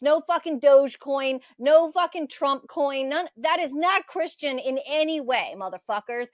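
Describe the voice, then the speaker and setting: A woman's voice: sits high, no echo, studio quality. A woman co-hosting a podcast, ranting in a heated, profane, casual political chat. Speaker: podcast co-host.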